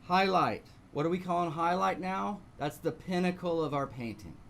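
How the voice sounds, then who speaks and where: A man's voice: high-pitched, moderate pace, gravelly, fairly bright tone, a little hiss or hum. A man teaching a live online painting lesson, talking through each step and asking rhetorical questions. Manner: talks through steps, asks rhetorical questions. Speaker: painting instructor.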